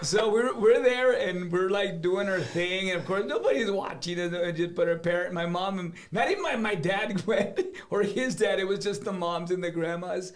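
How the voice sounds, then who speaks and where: Lively high-voiced man. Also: normal speed, hardly any pauses. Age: middle-aged. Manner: animated, switches between English and Spanish, acts out other people's lines. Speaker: singer, guest. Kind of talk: casual storytelling.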